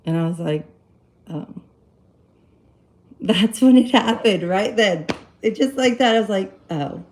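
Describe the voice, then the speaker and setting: A woman casually telling a personal story to her live-stream viewers, rambling and animated, acting out quoted dialogue. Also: mid-range voice, a little slow, rough recording. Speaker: live-stream host giving relationship advice.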